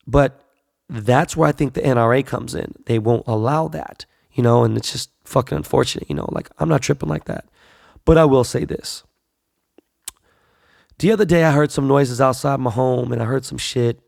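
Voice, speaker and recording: A man's voice: mid-range voice, vocal fry, a little mellow, no echo, studio quality. A middle-aged man hosting a podcast, talking in a casual, profane, slangy monologue. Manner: profane, slangy street talk. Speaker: podcast host.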